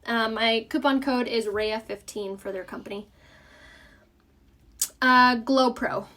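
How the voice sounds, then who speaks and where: A woman's voice: on the high side, fairly even intonation, slow pace, bright, forceful tone. Chatty young woman with a Southern lilt. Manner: chatty, upbeat, answers viewer comments. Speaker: makeup tutorial host. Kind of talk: casual live makeup tutorial.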